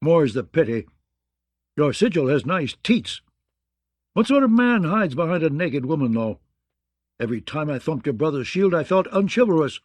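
A man voicing a gruff, bawdy, blustering male knight in an audiobook, with a mocking, growling manner. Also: a little high, sing-song, normal speed, darkish tone, no room sound, voice pushed up. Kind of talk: audiobook character voice.

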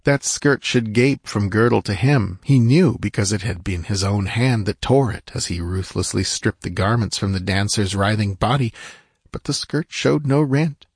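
A man narrating an adventure audiobook in a measured, dramatic way. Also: lowish voice, slightly rough, no echo, studio quality. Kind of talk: scripted narration.

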